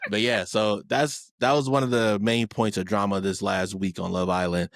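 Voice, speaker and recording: A man's voice: on the low side, little pitch movement, normal speed, gravelly, dry recording, clean studio sound. A man co-hosting a pop culture podcast, recapping a reality show in a loose, rambling way full of fillers and restarts. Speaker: podcast co-host. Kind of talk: casual pop culture chat.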